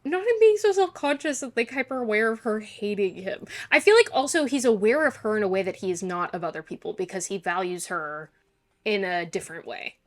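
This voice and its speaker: A woman giving a casual reaction commentary on a show, gushing and excitable, swearing freely. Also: mid-range voice, brisk. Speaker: YouTuber.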